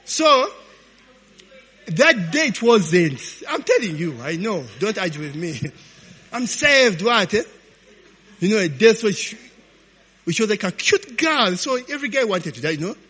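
A man preaching, telling stories in an animated, informal sermon, often tagging lines with "eh?". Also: high-pitched, breathy edge. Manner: animated, peppers talk with "eh?" and laughs. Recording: long hall reverb.

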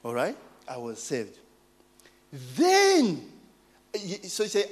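A Ugandan man in his forties preaching, telling personal stories with lively asides and questions to the congregation. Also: high-pitched, slow, pauses often. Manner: animated storytelling, call-and-response asides.

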